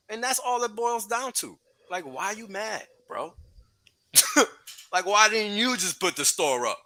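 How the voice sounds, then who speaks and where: Guy hosting a stream, ranting and cussing, super bright voice that jumps around a lot. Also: on the high side. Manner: heated, profane, ranting with laughs. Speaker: podcast host. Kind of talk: profane livestream rant.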